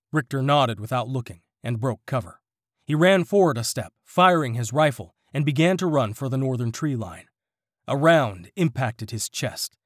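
A man narrating an audiobook in a steady, expressive reading. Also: mid-range voice, no echo, clean studio sound.

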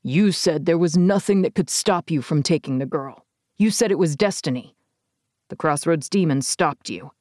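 An unflappable male henchman, voiced by a woman narrator who answers in an even, deadpan tone. His speech is low-key and blunt, never raised. Close, dry audiobook sound. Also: moderate pace, dry recording. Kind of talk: audiobook character voice.

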